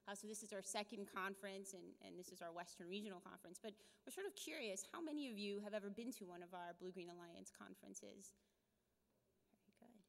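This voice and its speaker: Upbeat woman host, mid-pitched, announcing from a stage mic in a big reverberant conference hall. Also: fast talker, vocal fry, few pauses. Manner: upbeat, cheers the crowd on.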